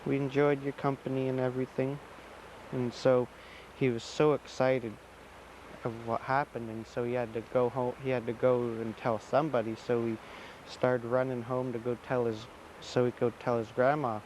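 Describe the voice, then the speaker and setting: A man's voice: medium pitch, level tone, normal speed, darkish tone, a little hiss or hum, rough recording. A man from Alaska telling a traditional folk tale in a loose, repetitive, conversational way. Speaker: storyteller.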